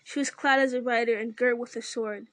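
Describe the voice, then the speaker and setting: A woman reading a fantasy novel aloud in a steady, even manner. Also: on the high side, a little fast, no echo. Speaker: reader.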